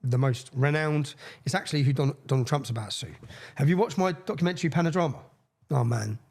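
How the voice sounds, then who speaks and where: A man, a podcast guest telling a long story with energy, swearing and acting out the people he quotes. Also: a little high. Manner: fast, excitable, swears, acts out quoted voices. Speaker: interview guest. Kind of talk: animated storytelling in a podcast interview.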